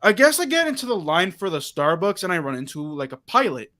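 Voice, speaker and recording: A high-pitched man in casual livestream chat. He tells stories with animation, acting out what everyone said in reported dialogue. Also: fairly quick. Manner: animated storyteller, quoting himself and others in reported dialogue. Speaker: livestream host.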